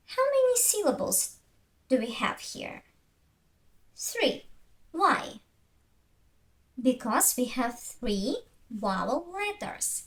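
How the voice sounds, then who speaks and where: A woman with a Russian accent, a Russian speaker teaching beginners in English, slowly repeating each example word for her learners. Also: high-pitched, very animated, echoey room. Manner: slow, patient, repeats words for learners. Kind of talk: beginner language lesson.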